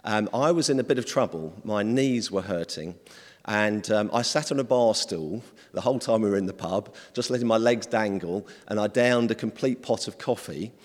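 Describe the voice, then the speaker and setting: A man's voice: fairly low pitch, moderate pace, long reverb tail. A man preaching an informal sermon in a conversational, hesitant way, with many ums.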